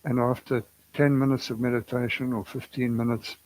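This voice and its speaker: A man's voice: medium pitch, flat delivery, normal speed, a little mellow, rough recording. A man giving a spiritual talk, telling a personal story in an earnest, confessional way and laughing at himself now and then. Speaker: spiritual teacher.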